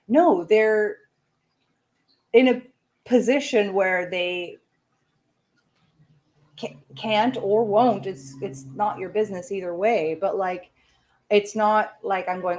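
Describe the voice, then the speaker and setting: A woman's voice: medium pitch, unhurried, a little mellow. A woman from Canada chatting casually on a livestream, candid and ranting, speaking her mind. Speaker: streamer.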